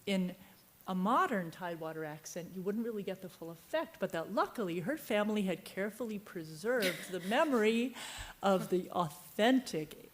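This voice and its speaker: With slight background noise, a woman novelist from Virginia spins a long, meandering story during a book fair panel discussion, breaking off mid-sentence. She speaks at medium pitch, animatedly, at a moderate pace.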